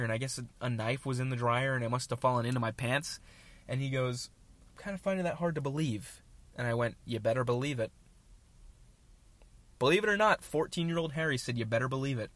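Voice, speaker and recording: A man's voice: mid-range voice, a bit bright, no echo. A young man hosting his own show, telling a rambling, self-mocking story in casual chat with jokey asides. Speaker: podcast host.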